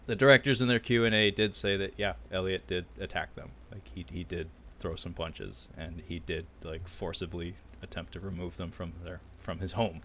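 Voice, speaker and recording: A man's voice: low-pitched, moderate pace, hardly any pauses, slight background noise. A man co-hosting a film podcast, retelling a documentary in casual chat and acting out quotes. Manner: animated storyteller, acting out quotes with loud bursts and laughter. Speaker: podcast co-host.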